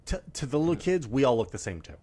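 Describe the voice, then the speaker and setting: A man's voice: medium pitch, big pitch swings, fast talker, dark tone. A middle-aged man hosting a political podcast, welcoming guests and trading wisecracks in casual chat. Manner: upbeat, wisecracking. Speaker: podcast host.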